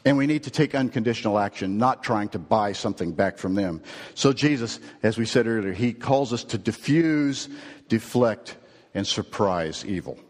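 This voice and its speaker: A male pastor giving an earnest sermon, telling a story, then rising to emphatic points and dropping low and slow. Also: lively intonation. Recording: long reverb of a large hall.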